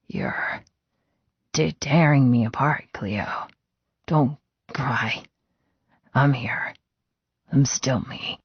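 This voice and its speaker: A woman murmuring as a croaky, injured man. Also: drawn-out words, pauses often, no echo, lo-fi sound, exaggerated voice. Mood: tender. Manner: soft, breathy, low-level murmur. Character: injured man, groggy, tender and soothing.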